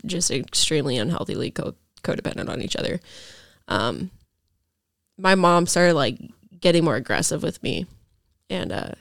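Gravelly young woman telling her story. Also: on the low side, fairly bright tone, no echo, studio quality. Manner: rambling, heavy on fillers. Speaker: podcast guest. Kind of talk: casual personal storytelling.

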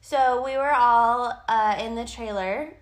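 A woman's voice: a little high, slow pace. A woman co-hosting a podcast, chatting candidly, swearing freely and laughing often. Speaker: podcast co-host, photographer. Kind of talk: casual chat.

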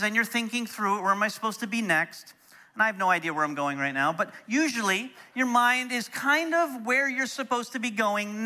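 Bright-voiced preacher telling a story. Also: male voice, high-pitched. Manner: animated, drops soft and quiet when moved. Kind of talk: storytelling sermon.

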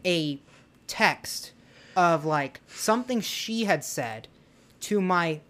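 A man's voice: fairly high pitch, slow pace. A young man co-hosting a podcast, telling a story in casual chat and acting out his own past lines. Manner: storytelling, animated quoting of himself. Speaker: podcast co-host.

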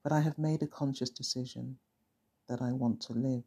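A narrator voicing a soft, pleading young woman. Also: mid-range voice, steady tone, normal speed, vocal fry, slightly rough. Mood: pained. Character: frightened young woman, trauma survivor.

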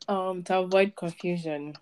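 A young woman hosts a relaxed podcast conversation with friends. Her voice sits a bit low, and she rambles through her thoughts with lots of fillers. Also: normal speed, slight background noise. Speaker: podcast host. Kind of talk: casual chat.

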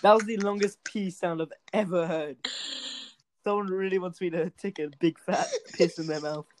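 A man's voice: high-pitched, fairly even intonation, normal speed, darkish tone. A teenage boy, chatting on a group voice call, crude and teasing, laughing often. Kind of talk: casual chat.

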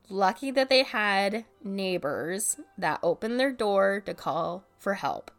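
A woman's voice: medium pitch, expressive, slow pace. A woman casually telling a story from her apartment, chatty, dropping "like" constantly and swearing now and then. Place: home apartment.

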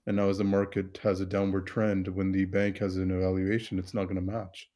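Co-host, man, lowish voice, rambling, informal. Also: level tone, fairly quick, mellow. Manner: rambling, with restarts and fillers. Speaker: podcast co-host. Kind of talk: casual chat.

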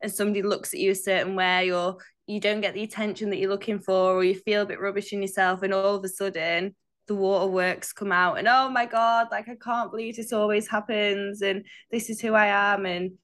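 A woman's voice: mid-range voice, flat delivery, fairly quick, a bit bright. Chatty young woman co-host. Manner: chatty, laughs easily. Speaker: podcast co-host. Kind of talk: casual chat.

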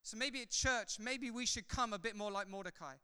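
A man who is a pastor, preaching a sermon in a church hall, swinging from loud fervor to soft, chatty asides. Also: high voice, fairly quick, clean tone. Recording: long hall reverb.

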